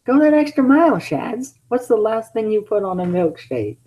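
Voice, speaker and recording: A man's voice: high voice, sing-song, normal speed, warm tone, voice pushed up, rough recording. A man voicing a cocky young male hedgehog hero in a smug, teasing way while reading fan fiction aloud.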